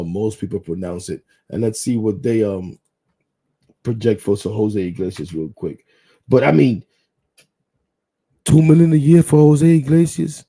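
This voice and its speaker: A man's voice: on the low side, mellow, slightly rough. Blunt rambling male sports show host. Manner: rambling, blunt, swears casually, addresses viewers. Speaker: podcast host. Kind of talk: casual live sports talk.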